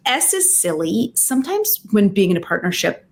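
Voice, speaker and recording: A woman, a psychotherapist and relationship expert, giving advice in an interview, in an animated way, full of fillers and acted-out quotes. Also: mid-range voice, normal speed, creaky.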